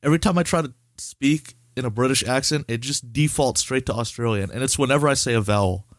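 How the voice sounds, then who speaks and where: A man's voice: medium pitch, quick pace, dry recording, studio quality. A young man hosting a casual podcast chat, teasing his co-host and swearing freely. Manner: blunt, profane, teasing.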